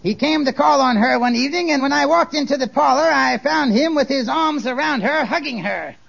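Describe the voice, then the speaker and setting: Rambling church brother witness, real high pitched, super gravelly, muffled old radio sound. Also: male voice, fairly quick, a bit bright, exaggerated voice. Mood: folksy. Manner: folksy, rambling testimony. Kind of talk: 1940s radio comedy acting.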